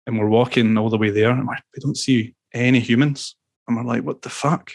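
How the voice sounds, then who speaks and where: A man, a musician as podcast guest, telling animated stories with swearing and laughs. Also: mid-range voice, fairly quick, no room sound. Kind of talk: casual storytelling interview.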